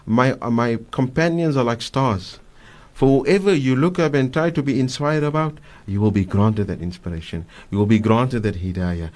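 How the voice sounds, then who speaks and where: A man's voice: medium pitch, moderate pace. Man telling stories on radio. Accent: South African. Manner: animated storyteller, acts out quotes, frequent fillers. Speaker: guest Islamic scholar. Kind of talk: radio religious talk, storytelling. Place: radio studio.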